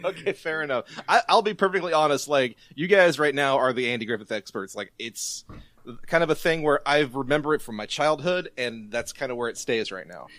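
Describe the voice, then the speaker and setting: A man's voice: mid-range voice, brisk, fairly bright tone, no echo. A man appearing as a podcast guest, chatting in an easygoing way and hedging often. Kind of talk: casual chat.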